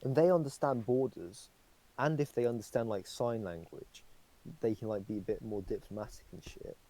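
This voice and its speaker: A man's voice: fairly low pitch, normal speed, dark tone, poor audio. A young man co-hosting a podcast, rambling through casual chat with lots of fillers and swearing. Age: young adult. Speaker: podcast co-host.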